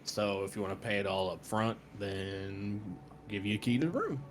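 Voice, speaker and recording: A man's voice: on the low side, moderate pace, faint music behind. A young man narrating as game master for friends on a voice call, laughing often. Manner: laughing often, lively storytelling.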